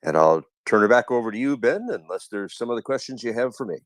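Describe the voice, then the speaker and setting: A man's voice: medium pitch, animated, quick pace, no echo. A man co-hosting a live audio chat, giving a formal, announcer-like station identification. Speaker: co-host.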